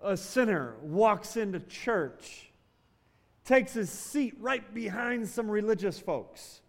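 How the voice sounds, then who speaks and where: A man preaching a sermon in a high, bright voice. He builds to loud, emphatic lines, then drops to slow, soft ones. His voice rings out with a long hall reverb. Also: expressive. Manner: preaching with swings from loud emphasis to quiet, drawn-out phrases. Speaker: pastor.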